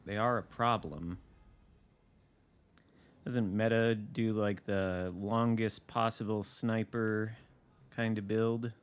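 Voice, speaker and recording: A man's voice: fairly low pitch, steady tone, takes it slowly, long pauses, clean tone. A man streaming a naval battle game, chatting casually with dry, wry asides as he thinks aloud. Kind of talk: casual live gameplay commentary.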